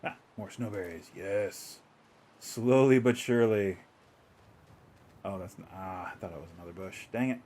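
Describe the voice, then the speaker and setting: A man's voice: fairly low pitch, moderate pace, long pauses, a little mellow, a little hiss or hum. A man streaming a video game, chatting casually to himself and the game with frequent chuckles. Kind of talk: casual gameplay commentary.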